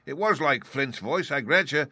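A man voicing a jittery, superstitious pirate in rough sailor dialect. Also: mid-range voice, animated, moderate pace, bright, forceful tone, no room sound, voice pushed up. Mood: relieved.

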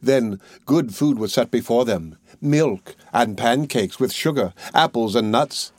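A man reading a fairy tale aloud in a measured, even storytelling manner. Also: medium pitch, no room sound.

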